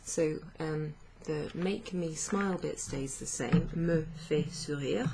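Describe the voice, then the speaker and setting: Slow, gravelly-voiced woman teaching French. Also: low-pitched, heavy background noise. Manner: slow, patient explaining with fillers and self-corrections. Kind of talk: online language lesson.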